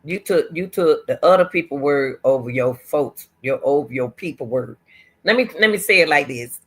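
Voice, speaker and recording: Woman, middle-aged, commentary host, bright forceful voice, emphatic, repeats herself, calls on the Lord. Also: a bass voice, expressive, normal speed, slightly rough. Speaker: commentary host and track coach. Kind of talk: emotional commentary talk.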